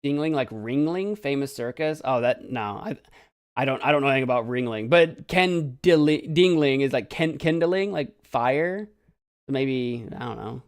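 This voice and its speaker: A man's voice: mid-range voice, animated, moderate pace. A young man hosting a casual let's play, rambling and self-mocking as he comments on the game.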